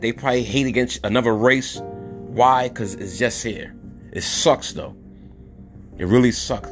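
A man's voice: mid-range voice, fairly bright tone. A man from New City, hosting a podcast monologue in a blunt way, repeating words for emphasis. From New York City. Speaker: podcast host. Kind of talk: opinionated monologue.

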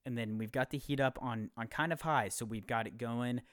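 A young man in his twenties hosts a casual podcast, rambling along in an upbeat, easygoing way. His voice sits at an ordinary pitch, and the sound is close and dry with no room echo. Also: a little fast. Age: 20s. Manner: loose, rambling, upbeat with filler words. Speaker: podcast host.

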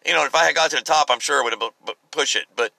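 A man's voice: a little high, rapid-fire, vocal fry, sharp tone, no echo, low-quality recording. A man telling a personal story in a casual, rambling way, often repeating and restarting his words for emphasis.

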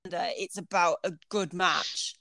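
A woman's voice: on the low side, fairly even intonation, slow, pushed and bright. A woman co-hosting a wrestling podcast, chatting casually, giggling and sometimes searching for words. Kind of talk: casual chat.

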